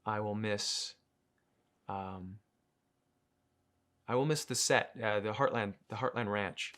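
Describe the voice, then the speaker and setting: A man in his thirties, an actor, speaking reflectively in an interview, pausing often with fillers and restarting his sentences. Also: fairly low pitch, a bit bright. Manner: thoughtful, pauses with many fillers and restarts.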